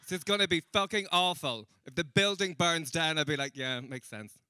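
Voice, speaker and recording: Irish male stand-up, young, bright crisp voice, chatty, self-mocking, dry close sound. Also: fairly high pitch, fairly quick, no echo. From Ireland. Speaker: stand-up comedian. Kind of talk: stand-up comedy set. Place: comedy venue stage.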